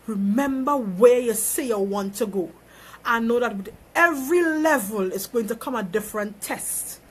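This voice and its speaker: A woman's voice: fairly high pitch, measured pace, slightly rough. Emphatic preachy woman on a phone live stream. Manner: emphatic, preachy, repeats phrases for effect. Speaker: small business owner. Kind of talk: motivational live video monologue.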